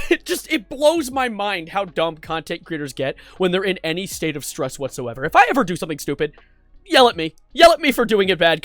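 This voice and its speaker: A man's voice: high-pitched, fairly bright tone, dry recording. A man commenting on internet drama in a sarcastic, incredulous way, often breaking into laughter. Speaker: YouTube commentator.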